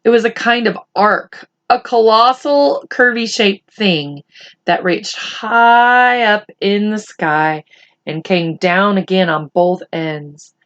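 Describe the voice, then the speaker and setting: A woman reading a chapter book aloud for children in a gentle, teacherly way, talking to the boys and girls. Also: mid-range voice, highs cut off. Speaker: children's story reader. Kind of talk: read-aloud for kids.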